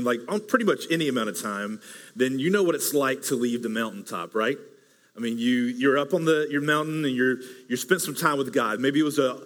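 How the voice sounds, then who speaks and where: Pastor, man, higher-pitched, casual fill-heavy sermon delivery, church hall reverb. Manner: chatty, animated, many fillers like "like". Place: church sanctuary.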